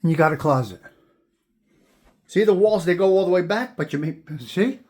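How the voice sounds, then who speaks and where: Guy w a slightly high voice walking thru an old house, keeps saying how amazing it is. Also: animated, moderate pace, darkish tone. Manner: admiring, repeats words, talks to viewers. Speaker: host giving a house tour. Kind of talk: walking house tour, casual chat. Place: inside an old house, walking between rooms.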